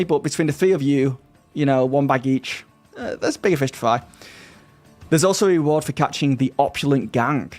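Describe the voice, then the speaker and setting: A man narrating a tabletop game as game master, relaxed, with some fillers. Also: mid-range voice.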